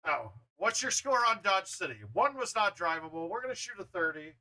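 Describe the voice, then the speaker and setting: A man hosting a gaming livestream, chatting casually, loud and blunt, swearing freely. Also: high voice, lively intonation, brisk, rough recording. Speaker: livestream host.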